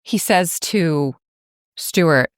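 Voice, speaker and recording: Low-pitched woman podcast host going over a story, lots of "like"s, dry close sound. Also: animated, slow, smooth, dry recording. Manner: chatty, filler-heavy, wry asides. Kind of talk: casual plot recap.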